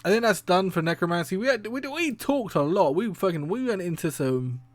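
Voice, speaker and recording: A man talks on his own stream in a loose, rambling way, laughing often and swearing without a second thought. His voice sits a little high for a man. The sound is dry and close. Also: animated, brisk, no echo. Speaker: streamer and podcast host. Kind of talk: casual solo stream talk.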